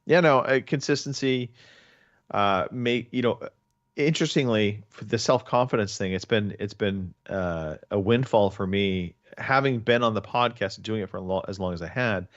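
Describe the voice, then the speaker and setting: A man's voice: lowish voice, normal speed, no room sound, lo-fi sound. A man hosting a casual podcast chat, talking in long rambling stretches with many restarts. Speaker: podcast host.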